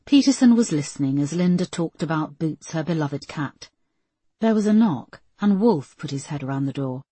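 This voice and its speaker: A woman narrating an audiobook in a measured, even storytelling manner. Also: deep voice, slightly rough, no echo. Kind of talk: scripted narration.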